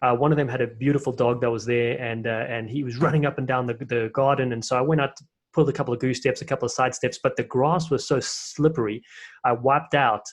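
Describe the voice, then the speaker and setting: A man's voice: mid-range voice, fairly even intonation, quick pace. A man with a South African accent hosting a rugby podcast, chatting casually and telling stories with plenty of fillers. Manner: chatty storyteller with frequent fillers. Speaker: podcast host and rugby commentator.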